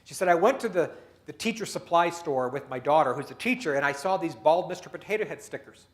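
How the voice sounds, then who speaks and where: A keynote speaker with a notably high voice for a man, telling workplace anecdotes to a dinner crowd. He acts out each person's lines with lively turns and punchlines. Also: fast talker. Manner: animated storyteller acting out dialogue. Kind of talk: storytelling business talk. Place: dinner meeting room.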